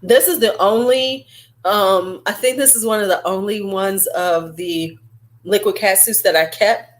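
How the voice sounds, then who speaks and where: Chatty woman reviewing perfume. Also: medium pitch. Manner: chatty and animated, drawn-out fillers. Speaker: beauty vlogger. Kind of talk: casual beauty review chat.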